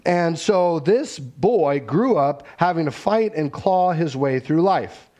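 A middle-aged man preaching a sermon in an earnest, conversational way, with quick asides. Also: a little high, lively intonation, mellow. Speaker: pastor.

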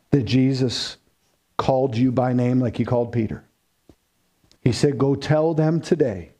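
Pastor, male, middle-aged, warm and mellow tone, earnest pleading sermon delivery. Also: mid-range voice.

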